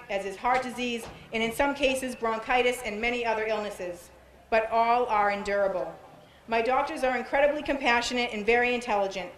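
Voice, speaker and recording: Determined woman reading a speech, echoey. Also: a little high. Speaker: cancer patient giving a speech. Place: outdoor event. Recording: echoey PA sound.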